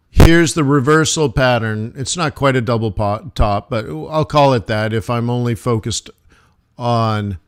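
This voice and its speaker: A man hosting a live forex trading stream, talking through charts in a casual, rambling way with joking asides. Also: medium pitch.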